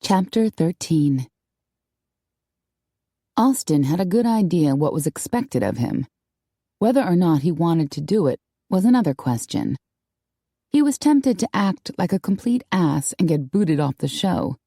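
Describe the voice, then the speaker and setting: A woman reads a romance audiobook as scripted narration, telling the story in a measured, even way. Her voice is fairly low and husky, and the recording is dry with clean studio sound.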